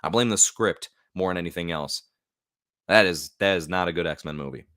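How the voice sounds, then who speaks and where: This American host of a casual live stream rambles freely with many fillers. His low-pitched, fairly bright voice moves at normal speed, recorded on a new studio mic with clean sound and no echo.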